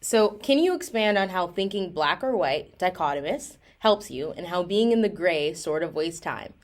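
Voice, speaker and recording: A woman's voice: fairly low pitch, lively intonation, moderate pace. A woman co-hosting a podcast, reading out a listener's question in casual chat.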